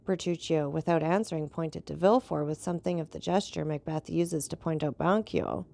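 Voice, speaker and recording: A woman narrating a classic novel in a measured, even storytelling voice. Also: sits low, creaky, no echo. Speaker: audiobook reader. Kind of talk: scripted narration.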